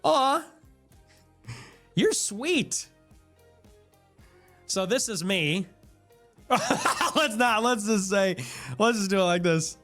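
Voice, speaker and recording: A man in his twenties, a livestreamer, ranting fast and animated in casual stream talk, with laughing asides. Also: sits high, soft background music. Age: 20s.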